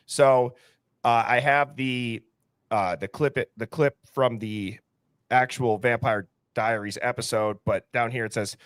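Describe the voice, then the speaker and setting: A man's voice: medium pitch, fairly even intonation, unhurried, no echo. A man hosts a podcast in a loose, talky style. His voice sits in a middle register and is recorded dry, with no room sound around it. He talks through the material at an easygoing, conversational pace. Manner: conversational, says he plays clips for the audience. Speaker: podcast host. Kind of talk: casual podcast chat.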